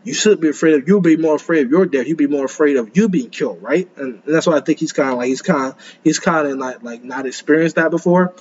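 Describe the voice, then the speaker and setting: Talking quickly with few pauses, a young anime reaction host delivers rambling, slangy commentary full of stammering restarts. His fairly high voice has a darkish tone and a breathy edge, and the lo-fi recording sounds dull with faint room ambience.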